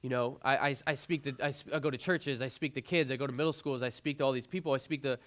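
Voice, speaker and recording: A man's voice: medium pitch, fairly even intonation, fast talker, fairly bright tone. A young man giving an inspirational keynote speech on a conference stage, telling a personal story earnestly into a stage microphone, often restarting and repeating his phrases. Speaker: motivational speaker.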